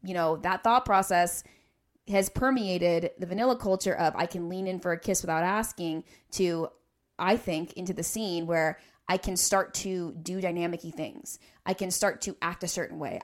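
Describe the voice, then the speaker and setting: Low-voiced woman podcast host. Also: normal speed. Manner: earnest, explanatory, builds careful arguments. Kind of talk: casual podcast discussion.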